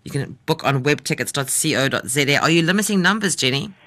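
A woman, hosting a radio travel show and reading stories aloud in a lively, expressive way. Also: low-pitched, brisk. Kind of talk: radio chat and story reading.

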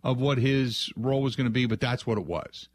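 A man's voice: medium pitch, fairly quick, no echo. A man hosting a sports radio show, talking casually and rambling with fillers between segments. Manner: rambling, chatty, lots of filler and restarts. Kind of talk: casual radio talk with call-in prompts. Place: radio studio.

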